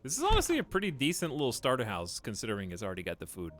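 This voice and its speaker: Lively chatty male game streamer. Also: medium pitch, rapid-fire, slight background noise. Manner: chatty, thinks aloud, laughs at his own jokes. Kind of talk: casual gameplay commentary.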